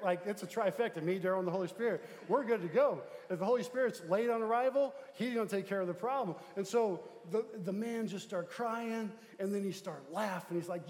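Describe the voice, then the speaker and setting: Animated pastor preaching in echoey hall. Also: male voice, sits high, fairly quick, few pauses. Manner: animated, swings from loud excitement to hushed tones. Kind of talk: sermon storytelling. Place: church sanctuary.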